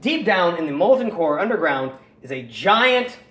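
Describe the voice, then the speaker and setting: High-voiced man rambling in an echoey room. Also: normal speed. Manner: rambling, animated, swears freely. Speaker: podcast host. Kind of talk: casual storytelling chat.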